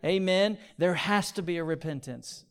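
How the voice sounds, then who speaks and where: A man preaching with a fairly high voice, calling out for amens from his listeners. He drops to near-whispers for key points, then rises into loud, repeated pleas as he acts out his illustrations. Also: moderate pace, clear, resonant tone. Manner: swings from quiet, near-whispered points to loud, pleading repetition; call-and-response, asking the audience for amens. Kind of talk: sermon.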